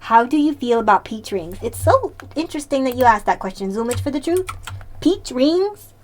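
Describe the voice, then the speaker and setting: Woman streamer, casual and playful, talks straight to chat, voice sits a bit high. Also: expressive, brisk, slight background noise. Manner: chatty and playful, answers chat, laughs often. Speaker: live streamer.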